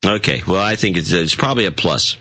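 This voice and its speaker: Deep-voiced rambling American man. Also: animated, fast talker, pushed and bright, husky, no room sound. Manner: rambling, with many restarts and fillers. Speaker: podcast co-host. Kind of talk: casual chat. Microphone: internet call.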